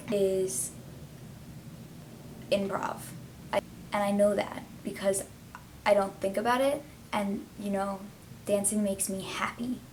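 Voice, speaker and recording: A woman's voice: medium pitch, fairly even intonation, slow, pauses often, background noise. A teenage girl vlogging casually and heartfelt, rambling with lots of fillers as she talks. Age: teens. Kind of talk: casual confessional vlog.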